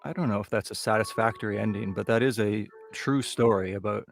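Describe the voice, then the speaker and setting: Low-voiced man spinning a spooky yarn. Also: a little fast, gravelly, faint music behind. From Toronto area, Canada. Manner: conversational, loose, building suspense. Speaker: comedian telling a ghost story. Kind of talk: live comic storytelling.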